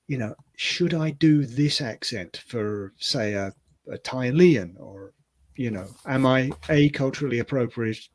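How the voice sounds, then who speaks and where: A man's voice: medium pitch, dry recording. A man chatting on a tabletop gaming panel, thoughtful and self-deprecating, with lots of agreeing murmurs. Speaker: podcast co-host. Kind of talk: casual panel discussion.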